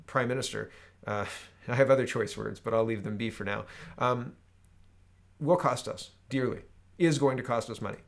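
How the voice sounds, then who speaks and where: A man talking through political headlines on his own show. His voice sits at an ordinary middle pitch, and his delivery is sarcastic and conversational, with many asides to the listener. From Canada. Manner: sarcastic, reads headlines aloud, frequent "right?". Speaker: political commentary host. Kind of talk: solo political commentary.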